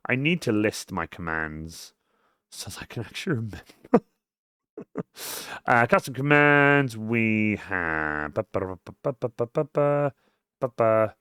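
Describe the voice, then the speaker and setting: A man talks casually to his live-stream viewers, rambling and cursing as he goes. His voice swings from low mutters up to loud, excited outbursts, and it sits close and dry on the mic. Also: clear, resonant tone, no room sound. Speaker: cosplay streamer.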